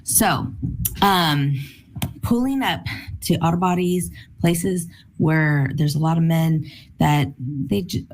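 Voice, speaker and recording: A woman teaching a sales training session in a lively, enthusiastic, bubbly way, often with a laugh. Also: sits low.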